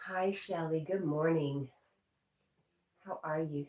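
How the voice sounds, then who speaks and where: A woman's voice: deep voice, unhurried. A woman hosting a casual livestream from home, chatting with viewers and talking to her pet. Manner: chatty, talks to her pet and reads viewer comments aloud. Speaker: livestream host. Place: home indoors. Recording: roomy echo, mic at a distance, faint noise.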